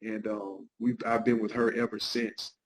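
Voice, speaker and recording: A man's voice: lowish voice, level tone, moderate pace, rough recording. A middle-aged man, a guest pastor and counselor, telling his life story in an interview with an earnest, heartfelt manner.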